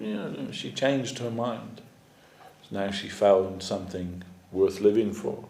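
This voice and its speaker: A man's voice: fairly low pitch, darkish tone, echoey room. A man giving a storytelling sermon as a spiritual teacher, conversational with many fillers. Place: temple hall.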